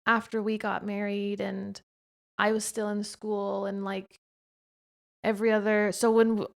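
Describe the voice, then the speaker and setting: A young woman chats freely on her own podcast while her husband interviews her. She is expressive and talks in a loose, conversational way, with plenty of "like"s. Her voice sits at an ordinary middle pitch for a woman. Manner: chatty and expressive, frequent filler "like". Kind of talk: casual conversational chat.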